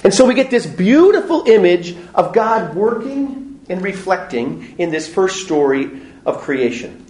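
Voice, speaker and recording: A man giving a parish Bible study talk, animated and joking, acting out little voices in his stories. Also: high voice, a little slow, reverberant, a little hiss or hum. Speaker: parish teacher. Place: parish hall or church.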